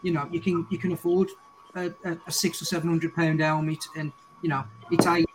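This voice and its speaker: A man's voice: fairly high pitch, little pitch movement, a little fast, slight background noise, poor audio. A man with a Scouse accent, hosting a casual group podcast chat and talking in rambling, swearing sentences. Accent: English, Scouse. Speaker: podcast host.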